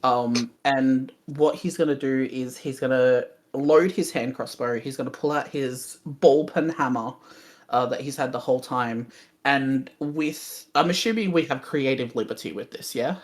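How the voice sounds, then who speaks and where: A low-voiced woman talks through her turn in a tabletop game, slow and unhurried. She swears freely and fills her pauses with many hesitations. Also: darkish tone. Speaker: player. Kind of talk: casual chat at a tabletop game.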